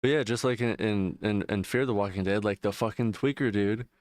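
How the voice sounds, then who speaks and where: A man's voice: on the low side, brisk, darkish tone, no room sound. A male streamer chatting casually while gaming, rambling and swearing freely, full of fillers. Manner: rambling, profane, loose retelling with frequent fillers.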